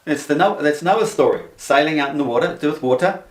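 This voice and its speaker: Rambling Australian man in an echoey room. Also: fairly high pitch. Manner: rambling, halting explanations. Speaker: panel member. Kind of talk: casual group chat. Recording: roomy echo.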